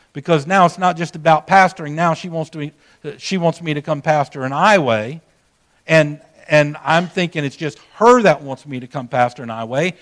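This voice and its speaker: High-voiced storytelling preacher man. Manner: folksy storytelling, addresses the congregation directly. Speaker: pastor. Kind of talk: sermon.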